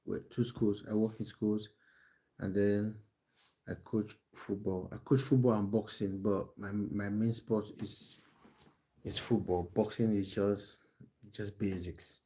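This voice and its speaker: A man with a soft, mellow voice chats loosely with viewers on a live stream, recorded on his phone at home. He talks in stops and starts, restarting his sentences and filling gaps with ums. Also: lowish voice, fairly even intonation, takes it slowly. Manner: chatty, hesitant, many restarts and fillers. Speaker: football coach and live streamer. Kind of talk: casual live-stream chat reading viewer comments. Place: at home in England.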